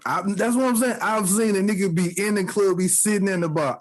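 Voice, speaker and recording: A podcast co-host with a voice that sits high talks a little fast in a casual chat. He tells stories animatedly, imitating the voices of the people involved and laughing often.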